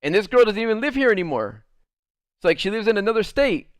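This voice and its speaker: A man's voice: high voice, quick pace, clear, resonant tone, no room sound, studio quality. Young man rambling through a story. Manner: rambling, filler-heavy, many "like"s; lively, acts out the people in his story. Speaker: streamer. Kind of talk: casual storytelling while gaming.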